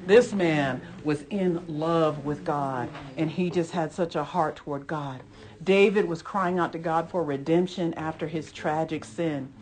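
A woman's voice: deep voice, measured pace, a little mellow. A woman teaching a Bible lesson in a conversational sermon style, earnest and emphatic, repeating phrases with frequent asides to her listeners.

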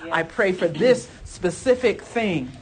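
A woman's voice: on the low side, lively intonation, slow, a little hiss or hum. A woman teaching a church Bible lesson in a fervent, emphatic way. She talks conversationally, with asides and restarts, and breaks in with exclamations of praise. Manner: fervent, emphatic, exclaims "Hallelujah" between points.

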